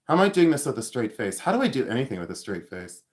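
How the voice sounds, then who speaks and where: A man's voice: mid-range voice, sing-song, quick pace. A man in his fifties hosting a casual livestream from home, rambling, joking about himself and thanking viewers by name. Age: 50s. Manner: rambling and self-mocking, reads out viewer comments. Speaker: livestream host.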